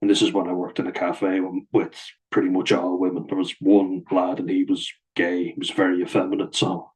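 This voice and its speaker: A man's voice: low-pitched, monotone, brisk, low-quality recording. Blunt, sweary man. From Ireland. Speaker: vlogger. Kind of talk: casual storytelling to camera.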